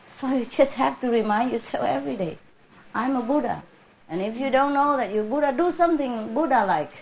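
Woman, spiritual teacher, chatty and laughing a lot, slightly high voice. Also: expressive, a little fast, noisy background. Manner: warm, chuckling, conversational, laughs often.

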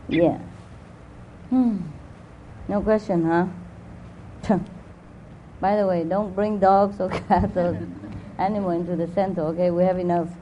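A woman's fairly low, mellow voice comes through on dull audio as she leads a spiritual center gathering in an indoor room. Chatting casually with the live audience, she teases people playfully and coos fondly at her pets, her English loose and non-native in grammar. The room recording is noisy.

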